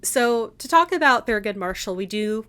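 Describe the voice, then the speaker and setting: A woman's voice: medium pitch, animated, normal speed, fairly bright tone, smooth. A woman co-hosting a history podcast, chatty and enthusiastic with frequent laughs. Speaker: podcast co-host. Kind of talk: casual history podcast chat.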